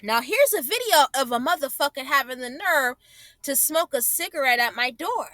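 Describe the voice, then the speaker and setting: A woman's voice: high voice, expressive, normal speed, pushed and bright, no room sound. A woman vlogger angrily commenting over her own clips, profane and repeating herself for emphasis. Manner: indignant, profane, repeats phrases.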